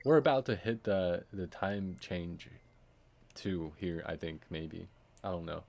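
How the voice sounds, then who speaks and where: Here a man with a gravelly, low, darkish voice gives casual live-stream commentary at a measured pace. He rambles as he plays, slipping into muttered asides and chuckles.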